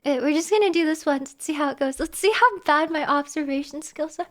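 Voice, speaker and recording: A woman's voice: high-pitched, brisk, a bit bright. A woman streaming a game live, chatting to her viewers in a playful, teasing way. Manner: playful, teasing, talks to the chat. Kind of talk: live gameplay chat with viewers.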